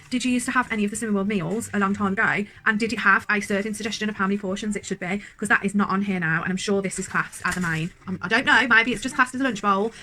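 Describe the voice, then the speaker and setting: A woman's voice: mid-range voice, bright, forceful tone, rough recording. A young woman vlogging at home, chatting in a rambling, self-deprecating way while reviewing a meal. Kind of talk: casual food review chat.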